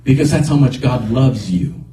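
A man's voice: mid-range voice, expressive, normal speed, warm tone, a little hiss or hum. A man preaching a sermon as a pastor, earnest and emphatic, repeating his key points. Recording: echoey room picked up from a distance.

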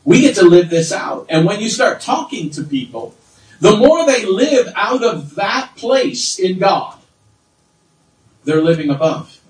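Fervent preacher man, high voice, roomy. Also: big pitch swings, unhurried. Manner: fervent preaching, swinging from low asides to loud high exclamations. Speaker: pastor. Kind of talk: sermon. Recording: roomy sound from far off.

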